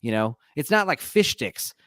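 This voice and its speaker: A man's voice: medium pitch, big pitch swings, moderate pace, fairly bright tone, dry recording, studio quality. A man hosting a podcast in loose, profane, rambling casual chat. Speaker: podcast host.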